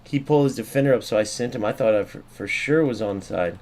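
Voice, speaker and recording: Excitable man ranting over gameplay. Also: medium pitch, fast. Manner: excitable, swears, rants at the game. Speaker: gaming streamer. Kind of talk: live gameplay commentary.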